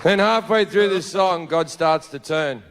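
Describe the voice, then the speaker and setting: A man's voice: a little high, a little slow, a bit bright, some chatter behind. A man doing a blunt, profane stand-up comedy routine in a loose, conversational storytelling manner. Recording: noisy live stand-up recording.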